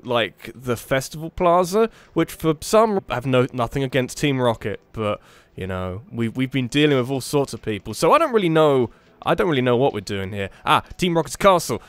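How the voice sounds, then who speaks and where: A man hosting a let's play, giving rambling, animated gameplay commentary with frequent restarts. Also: medium pitch, clean tone, no room sound. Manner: animated, rambling, self-interrupting.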